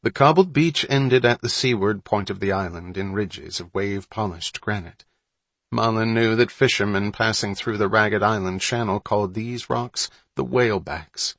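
A male audiobook narrator with a low voice reads a script in a steady, measured storytelling style. The recording has no echo.

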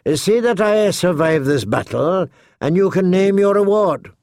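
A man's voice: high voice, expressive, unhurried, a little mellow, dry recording, pitched above the performer's own voice. A man doing a sardonic, barking dwarf lord. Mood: wry. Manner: dry, barking, impatient. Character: sardonic dwarf lord, sharp-tongued and commanding.

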